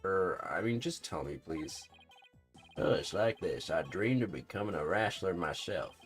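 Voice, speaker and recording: A man voicing a theatrical, sly male pickpocket in a game, in a melodramatic, drawn-out way. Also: sits low, expressive, soft background music.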